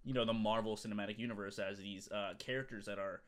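A man's voice: on the low side, fairly even intonation, fast. Rambling podcast guy full of "like"s. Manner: rambling, many "like"s and restarts. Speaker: podcast co-host. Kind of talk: casual chat.

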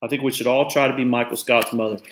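A man's voice: mid-range voice, fairly even intonation, fast, echoey room. A man in his forties hosting a talk show, speaking earnestly and reflectively in casual commentary. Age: 40s.

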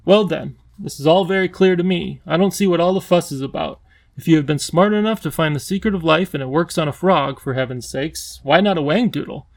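A man voicing a lonely, eager male creature king, the Wangdoodle, who lisps and talks excitably. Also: on the high side, a little fast, gravelly. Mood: pleading. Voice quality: lisping. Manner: excitable, bouncy, pleading.

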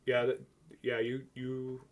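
A man's voice: mid-range voice, monotone, slow. A man in his thirties hosting a casual podcast, telling crude stories bluntly and laughing as he goes. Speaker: podcast host.

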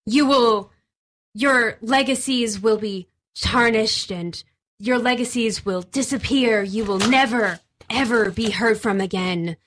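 A menacing monster from a tabletop game hisses its threats slowly and with cold certainty, performed by a woman. Its voice is bright and forceful, pressing each word home. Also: fairly high pitch. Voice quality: hissing. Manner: slow, ominous pronouncements. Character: monstrous telepathic horror, menacing and gloating.

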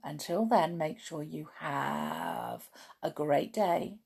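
A woman storyteller reading a children's book chapter aloud and chatting about it afterward in an animated way. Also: deep voice, slow, vocal fry, breathy edge. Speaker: podcast storyteller.

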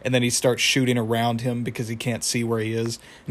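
Flat-voiced young man rambling through a recap. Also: medium pitch, brisk. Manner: rambling, with many fillers and laughs. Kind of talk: casual episode recap.

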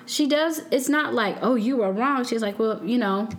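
A woman's voice: fairly high pitch, normal speed. A woman co-hosting a casual group podcast chat, talking earnestly and rambling with lots of "like" and "you know". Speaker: podcast co-host.

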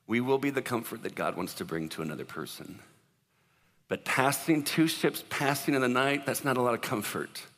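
A man preaching a sermon as pastor, in an animated, conversational way, acting out what people say. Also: lowish voice, in a large hall.

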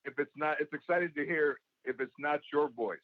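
A man with a gravelly voice, a comedian being interviewed, telling stories and acting out what people said. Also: a little high, brisk, no room sound, phone-quality sound. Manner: storytelling, acts out quoted voices. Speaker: guest, comedian and actor. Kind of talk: casual interview talk.

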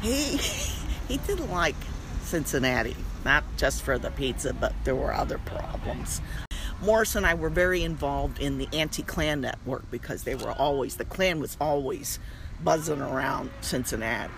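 An older woman telling an animated personal story, laughing and swooping up high in pitch as she acts out the moments. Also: normal speed, creaky. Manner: lively, laughing storyteller with big pitch jumps. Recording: outdoor recording with street noise.

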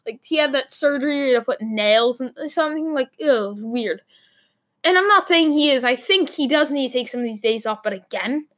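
Young Boston woman, sports talk host, high bright voice, rambling and emphatic. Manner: rambling, emphatic, lots of "like" fillers. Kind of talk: opinionated sports commentary monologue.

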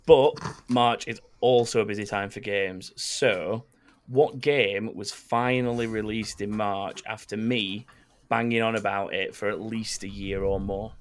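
A man's voice: fairly low pitch, fairly even intonation, a little slow. A man hosting a casual podcast quiz, swearing and laughing as he reads out the questions. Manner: sweary, laughs often while reading questions. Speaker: quiz host.

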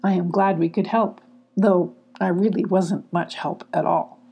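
Woman doing a gentle young animal hero, reassuring, mellow, breathy, storybook. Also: on the low side, fairly even intonation, measured pace, exaggerated voice.

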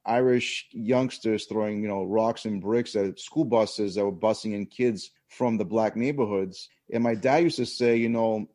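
A man's voice: lowish voice, normal speed, hardly any pauses, mellow. A man, telling a story earnestly in a casual chat. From South Boston, USA.

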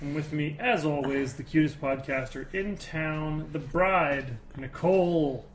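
A man's voice: on the high side, a little slow, a little hiss or hum. A man co-hosting a casual podcast, teasing his co-host and retelling a film's plot in a rambling, joking way. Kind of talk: casual chat.

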